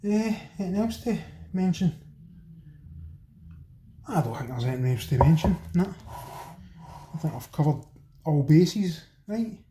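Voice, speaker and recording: A man's voice: fairly high pitch, animated, measured pace, long pauses, mellow. Chatty Scottish man in a roomy kitchen. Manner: chatty, cheeky, talks straight to viewers as folks. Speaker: home cooking channel host. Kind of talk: casual cooking demo talk. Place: home kitchen. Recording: roomy echo, faint background noise.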